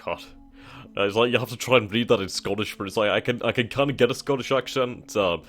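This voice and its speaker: A gaming channel host with a very low but fairly bright voice works through a game's setup menus in casual let's-play commentary, reading text aloud and thinking as he picks options. He talks quickly, hesitating and musing as he goes, with faint music underneath.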